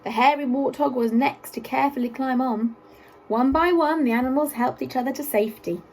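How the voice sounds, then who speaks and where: A woman reading a children's story aloud in an expressive, sing-song way. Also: high-pitched, a little fast, rough recording.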